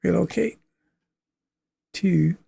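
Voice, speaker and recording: A man's voice: sits high, drawn-out words, creaky, mellow, husky. A man from Canada hosting a livestream, chatting casually and thinking aloud as he plays a trucking game, with easy chuckles. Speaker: livestream host.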